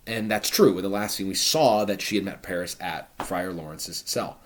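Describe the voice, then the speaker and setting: A man's voice: lowish voice, normal speed, hardly any pauses, darkish tone. A man teaching a play, explaining each line in a conversational, paraphrasing way with casual fillers. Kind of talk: explanatory literature lesson.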